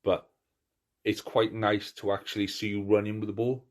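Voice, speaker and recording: Low-voiced chatty man hosting a podcast. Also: moderate pace. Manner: animated storyteller, acts out crowd cheers; chatty, many restarts and fillers. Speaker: podcast host. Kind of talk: casual chat.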